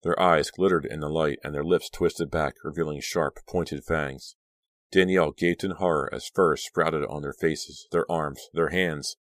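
A man narrating a horror audiobook in a steady, measured reading. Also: rumbling low, dry recording. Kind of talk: scripted narration.

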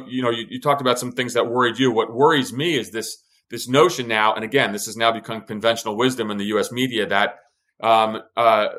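A man's voice: medium pitch, a bit bright. A man who was once an intelligence officer, talking as a podcast guest in an emphatic way, with many restarts and fillers. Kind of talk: podcast conversation.

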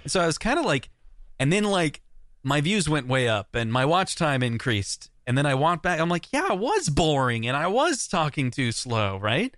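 A man, a guest on a podcast, chatting casually and telling animated stories that act out what others said. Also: on the high side, moderate pace, no echo. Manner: animated storyteller, acts out quoted comments. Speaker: guest, YouTuber. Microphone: remote recording mic.

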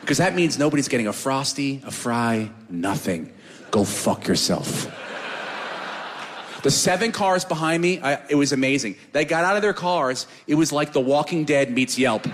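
A man doing a stand-up comedy set, animated, swinging from loud shouted bits to low mumbles. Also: moderate pace, few pauses, big-room sound, noisy background.

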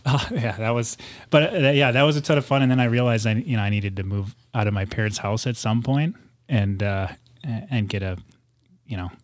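A man's voice: medium pitch, a little fast, no room sound. A man from the United States, a guest on a studio podcast, telling stories in casual chat with lots of restarts. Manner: rambling storyteller with many restarts.

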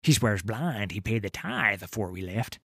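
A grizzled old sailor, boastful and full of tall tales in an audio story. His voice swings widely in pitch, sinking into hushed whispers and climbing to roars, all in rough dockside dialect. The recording is dry and close, with no room sound. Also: big pitch swings, normal speed, dry recording, exaggerated voice. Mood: spinning yarn. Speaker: tavern storyteller. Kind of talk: dramatic audio story narration.

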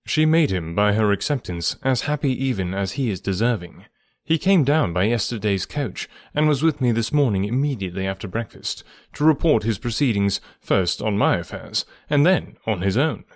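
A man reading a kindly earnest gentleman. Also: lowish voice, expressive, no echo, clean studio sound, natural voice. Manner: measured, gently reasoning. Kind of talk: audiobook reading of a classic novel.

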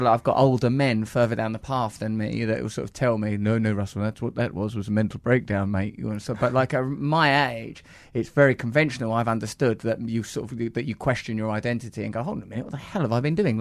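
A man's voice: medium pitch, dry recording. A man hosting a podcast, talking in a playful, riffing, teasing way. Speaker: podcast host. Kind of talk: casual chat.

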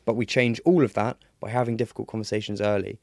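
A man's voice: fairly low pitch, steady tone, quick pace, gravelly, darkish tone, no room sound, studio quality. A young British man speaking earnestly as a podcast guest on mental health, with frequent fillers and restarts. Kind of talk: casual conversation.

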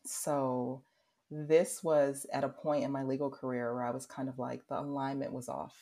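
A woman in her thirties, guesting on a podcast, speaks in a very deep voice at a moderate pace. She tells a story in casual chat, acting out what people said and laughing often as an animated storyteller.

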